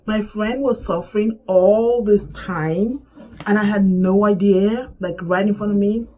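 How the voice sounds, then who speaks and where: A woman's voice: mid-range voice, a little slow, lo-fi sound. A woman telling an emotional personal story and acting out the conversations she remembers. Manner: animated, acts out past conversations. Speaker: vlogger sharing a personal loss. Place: Canada.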